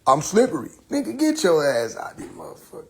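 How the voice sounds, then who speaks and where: A man hosting a casual live stream, riffing loudly with profanity and frequent laughter. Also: on the high side, huge pitch swings, brisk, creaky. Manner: loud joking rant, heavy profanity, laughing often. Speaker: livestream host. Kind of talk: casual livestream chat.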